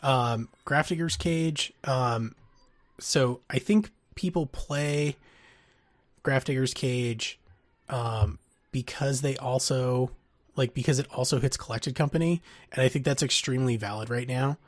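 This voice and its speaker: A man co-hosting a podcast, talking casually and haltingly about card game strategy with many pauses. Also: mid-range voice, dry recording. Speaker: podcast co-host.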